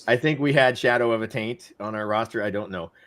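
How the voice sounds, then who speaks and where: A man's voice: lowish voice, a little fast, a bit bright. A man in a casual podcast chat, joking and teasing wryly as a fantasy league team member.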